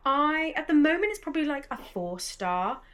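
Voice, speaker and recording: A bubbly young British woman talks to her vlog camera in a fairly high voice. Her pitch swings up and down a lot as she chats animatedly and laughs easily. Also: very animated, normal speed, a bit bright. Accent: British English. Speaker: book vlogger. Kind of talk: casual vlog chat.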